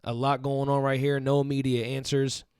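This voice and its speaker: A man co-hosting a live fan show, speaking in a measured, calm way and thanking viewers. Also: mid-range voice, clean tone, no room sound, studio quality. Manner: measured and calm, reads audience shoutouts. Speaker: co-host and producer.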